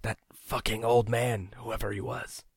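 A man's voice: medium pitch, little pitch movement, measured pace, vocal fry, slightly rough, no room sound, studio quality, voice pushed up, heavily acted. A man voicing a wounded, treacherous man who slurs his words in a half-whisper, in an audiobook. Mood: groggy slurring.

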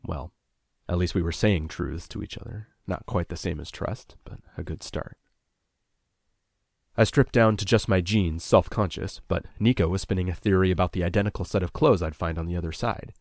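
A man narrating a first-person audiobook in a measured, introspective way, close to the mic. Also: sits low, vocal fry, darkish tone, no room sound.

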